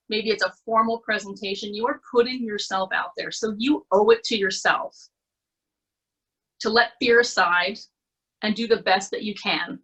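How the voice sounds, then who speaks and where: Bright, husky-voiced Canadian woman coach. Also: medium pitch, rough recording. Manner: encouraging, conversational, with frequent "okay?" check-ins. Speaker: presentation skills coach. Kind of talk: online workshop talk. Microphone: computer mic on a video call.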